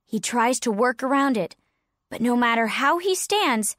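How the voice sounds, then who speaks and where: A woman narrating a story clearly and deliberately for English learners. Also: a little high, lively intonation, a bit bright, no echo, clean studio sound.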